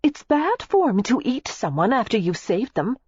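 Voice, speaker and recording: A woman's voice: mid-range voice, very animated, normal speed, darkish tone, breathy edge, dry recording, pitched above the performer's own voice. A reader voicing a spirited, playful young woman in an audiobook, breathless and teasing. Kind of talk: audiobook character voice. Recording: dull lo-fi dry recording.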